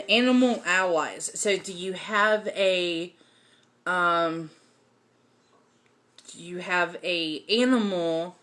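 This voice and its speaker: Unhurried low-voiced woman teaching magic. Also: a bit bright. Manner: chatty, many um fillers. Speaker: host teaching folk magic. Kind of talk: casual livestream lesson.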